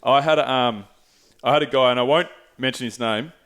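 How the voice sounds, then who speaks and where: Boisterous, loud Australian man. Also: medium pitch, fairly quick. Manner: boisterous, animated storyteller who swears. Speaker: podcast host. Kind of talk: casual conversation.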